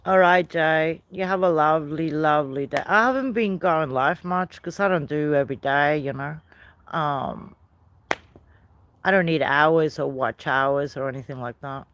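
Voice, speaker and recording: Slow-talking woman chatting on a livestream. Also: deep voice, a bit bright, slight background noise. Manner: chatty, greets viewers, laughs often. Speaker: livestream host. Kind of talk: casual live-stream chat. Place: outdoors by a fire at night.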